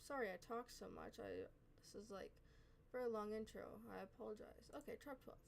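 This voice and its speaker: A woman's voice: fairly high pitch, a little fast, vocal fry, slight background noise, rough recording. A woman hosting a reaction video, chatting casually and often apologizing and correcting herself as she reads on-screen text aloud. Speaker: reaction channel host.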